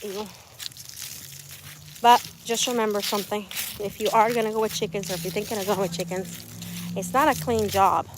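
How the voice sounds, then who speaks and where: A woman's voice: mid-range voice, fairly even intonation, moderate pace, long pauses. A woman hosting a casual livestream from her backyard chicken coop. She chats to viewers, repeats herself and coos to her animals. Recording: noisy outdoor phone stream.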